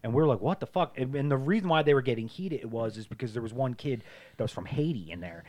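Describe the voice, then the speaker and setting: Male podcast co-host, rapid rambling delivery, crude casual chat. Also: medium pitch, expressive, darkish tone. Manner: rambling storyteller, heavy swearing and "like" fillers.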